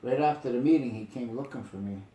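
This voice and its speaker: A man's voice: mid-range voice, quick pace. Emphatic storytelling man in an echoey room. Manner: animated, emphatic, asks "you get me?". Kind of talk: casual storytelling chat.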